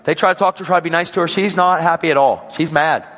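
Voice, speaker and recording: A man preaching a sermon, telling a story with lively swings between loud and hushed. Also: fairly high pitch, quick pace, long reverb tail.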